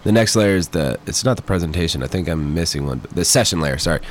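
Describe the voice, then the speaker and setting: A man's voice: low voice, animated, fast, slight background noise. A man with a stuffy nose, a developer being interviewed, explaining technical things eagerly with many fillers. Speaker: guest, software developer. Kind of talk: casual interview chat.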